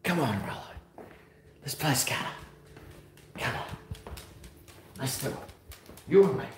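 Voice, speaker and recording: A man chatting casually on a home vlog, talking to his dog in a high sing-song voice at times. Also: animated, measured pace, roomy sound, noisy background. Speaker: vlogger. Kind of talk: casual chat to camera. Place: at home near a garage.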